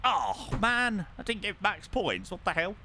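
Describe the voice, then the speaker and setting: A man streaming live, chatting casually and excitably with his viewers and swearing now and then. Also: sits high, unhurried, a little hiss or hum. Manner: excitable, swears, talks to chat.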